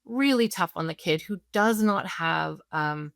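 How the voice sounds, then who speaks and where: A woman's voice: lowish voice, lively intonation, a little slow, gravelly, no room sound, studio quality. A woman, a parenting expert guest on a podcast, explaining her method through worked-through scenarios and often checking in with "right?". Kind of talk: podcast interview.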